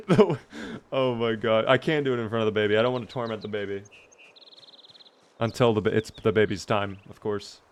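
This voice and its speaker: A man's voice: fairly low pitch, flat delivery, brisk, clean tone. A man streaming a video game live, chatting upbeat with his viewers as he plays. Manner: upbeat, chatty, talks to himself and chat.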